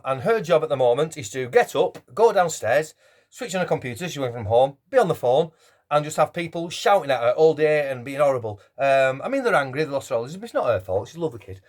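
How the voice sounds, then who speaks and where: A man's voice: a little high, darkish tone. A man in his fifties, a singer and busker chatting casually between songs at a home lockdown gig, rambling and self-deprecating with cheeky swearing. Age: 50s. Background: guitar.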